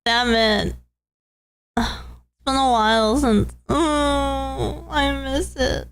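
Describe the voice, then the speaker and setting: A woman streaming and chatting casually with her audience. Her voice sits a little high, and she talks in a fond, doting way. Her speech rambles warmly from one thought to the next. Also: very slow. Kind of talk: casual chat with viewers.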